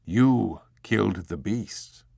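A man voicing an old male abbot in an audiobook, speaking in a slow, measured, solemn way. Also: lowish voice, big pitch swings, no echo, clean studio sound, heavily acted. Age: older. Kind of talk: audiobook character voice.

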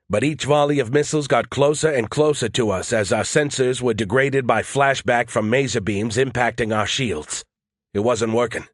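Male audiobook narrator, first person, steady and tense, dry recording. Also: medium pitch, dry recording.

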